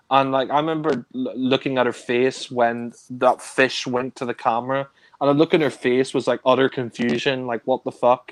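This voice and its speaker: A man's voice: mid-range voice, a bit bright, dry recording. Rambling man with a dry sound. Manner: rambling, frequent fillers, laughs and swears; mimics characters in raised voice. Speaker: film review co-host. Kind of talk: casual film discussion.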